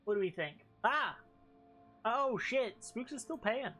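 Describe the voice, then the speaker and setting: A woman's voice: fairly high pitch, animated, takes it slowly, a bit bright, soft background music. A woman streaming a game and chatting casually with her chat. She thinks aloud and swears often. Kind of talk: casual live game commentary.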